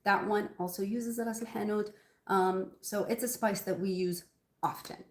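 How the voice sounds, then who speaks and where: A woman hosts a live cooking stream from her home kitchen, chatting loosely with viewers and calling them by name. Her voice sits at a middling pitch and talk meanders with frequent ums. The kitchen gives a noticeable echo. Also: steady tone, moderate pace. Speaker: cooking livestream host. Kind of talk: casual live cooking chat.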